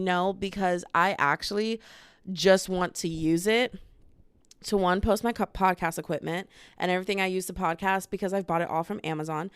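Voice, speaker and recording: A woman's voice: fairly low pitch, fairly quick, smooth, no echo. A woman, hosting a casual podcast vlog from home and talking to a small handheld camera in a bubbly, rambling, self-mocking way. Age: 20s. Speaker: podcast host. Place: home room with bookshelf.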